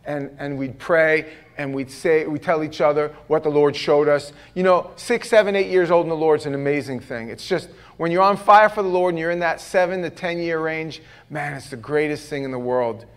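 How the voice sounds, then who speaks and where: Man, pastor, sermon, fairly high voice, animated storytelling, self-deprecating humor. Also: normal speed, hardly any pauses, smooth. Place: church sanctuary.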